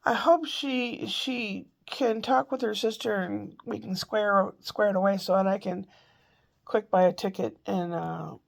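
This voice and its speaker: A woman's voice: mid-range voice, unhurried, vocal fry. A woman vlogging from home in a meandering, chatty way, a little congested with a lingering cough. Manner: chatty, meandering, self-interrupting. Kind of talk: rambling casual chat.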